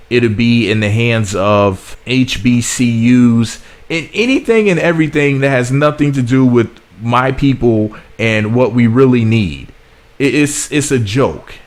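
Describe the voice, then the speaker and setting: An American man rants through political commentary in a blunt, sarcastic voice. His pitch sits in a typical middle range. He often repeats himself as he builds his points. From United States. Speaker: commentary vlogger.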